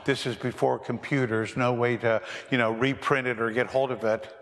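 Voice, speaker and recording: A man's voice: mid-range voice, fairly even intonation, a little fast, few pauses, a bit bright, long reverb tail. Storytelling man preaching in a church. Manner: storytelling preacher with rhetorical questions. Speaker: pastor. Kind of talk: sermon.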